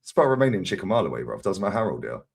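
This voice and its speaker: A man chatting on a live stream, telling stories loudly with a lot of swearing and laughter. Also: sits low, racing, gravelly, husky. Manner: loud, profane, animated storytelling. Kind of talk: casual chat on a live stream.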